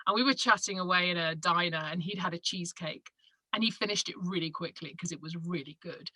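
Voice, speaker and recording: A woman's voice: lowish voice, a little fast, breathy edge, no echo, low-quality recording. A woman from England with a Manchester accent, a podcaster and broadcaster chatting as an interview guest and acting out quoted lines as she tells stories. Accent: Northern English, Manchester. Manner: animated storyteller who acts out quotes with laughs. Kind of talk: casual interview chat.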